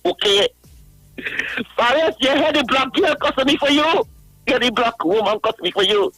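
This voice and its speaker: A man calling in to a radio show, ranting in a high voice, laughing through his words and mocking a critic again and again. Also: moderate pace, bright, forceful tone, no echo, soft background music, rough recording. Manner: repetitive, mocking, addresses a critic by name. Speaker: radio caller. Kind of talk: ranting call-in. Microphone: phone line.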